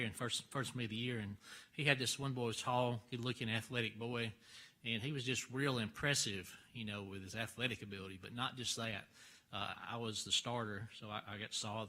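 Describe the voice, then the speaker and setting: A man teaching a church Bible class, folksy and halting, full of fillers and restarts. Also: medium pitch, bright, forceful tone. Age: older.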